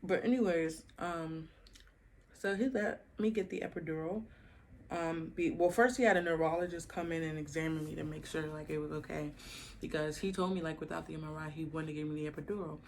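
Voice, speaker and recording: A young woman vlogging to her camera at home, casually telling her labor story with animated, slangy asides to viewers. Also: deep voice, brisk, slight background noise.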